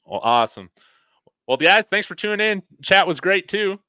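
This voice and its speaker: A man guesting on a casual sports talk show, easygoing, with quick laughs between points. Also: high voice, expressive, bright, forceful tone, no room sound.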